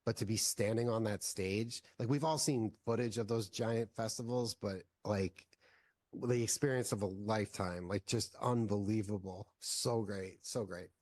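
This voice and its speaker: A filmmaker guest in a casual interview, telling long stories with lots of "like" fillers. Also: male voice, on the low side, steady tone, moderate pace, a little mellow, dry recording. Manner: rambling, heavy use of "like" fillers.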